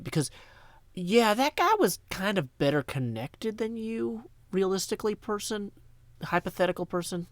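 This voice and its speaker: A Tennessee man chats while gaming on a livestream, joking, rambling, and thanking his donors. His voice is high and sing-song, a touch bright, and a little fast, with no echo.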